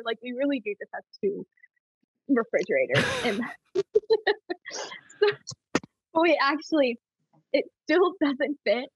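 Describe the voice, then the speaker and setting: A young woman, a podcast guest, telling family stories in a casual, animated way and laughing often. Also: fairly high pitch, husky, no echo. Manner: giggly, animated storytelling. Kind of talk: casual chat. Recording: dull lo-fi sound.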